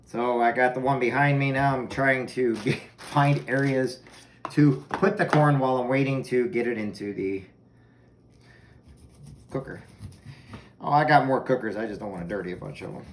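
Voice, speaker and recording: Man, home cooking vlog, casual rambling chat, self-amused, roomy echo, steady background noise. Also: mid-range voice, moderate pace, long pauses. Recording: echoey room with background noise.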